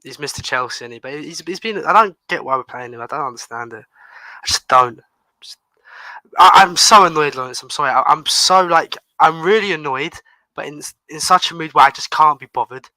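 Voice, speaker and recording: A young man chats on a fan stream in a very bright, crisp tone that sounds close to the mic and dry. He sounds weary and annoyed and keeps trailing off mid-thought. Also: fairly high pitch, fairly quick, no echo, rough recording. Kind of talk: casual post-match fan chat.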